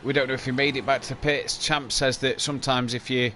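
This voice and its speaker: A young man with a middle-pitched voice chats loosely through a long live racing stream, sounding worn down from lack of sleep. He explains things at length in an easy, rambling way. A faint hiss of noise sits under his voice. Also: flat delivery, fast talker, bright, forceful tone. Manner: chatty, explaining. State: sleepy, late in an endurance stream. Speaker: stream host. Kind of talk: casual live-stream chat about a sim race.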